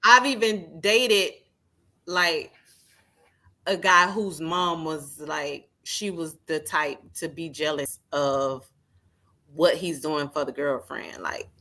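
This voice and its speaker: A woman's voice: sits low, slow, bright, forceful tone. A woman talking candidly in a casual podcast chat, chatty with lots of fillers.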